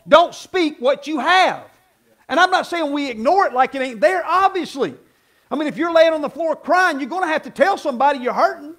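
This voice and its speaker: A male pastor preaching a sermon in an animated, conversational way, often asking "Amen?" and acting out other voices. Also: very high-pitched. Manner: acts out quoted voices.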